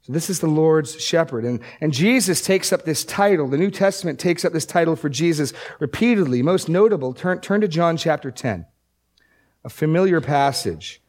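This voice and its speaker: A male preacher giving a sermon, reading scripture aloud with slow emphasis and explaining it in a conversational way, often repeating words as he restarts. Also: fairly high pitch, lively intonation, darkish tone.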